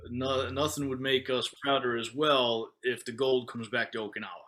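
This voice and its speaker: A man speaks as a guest in a relaxed conversation, his voice in an ordinary male range. He talks in an easygoing, thoughtful way and laughs easily. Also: medium pitch, normal speed. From United States. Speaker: podcast guest. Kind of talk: casual chat.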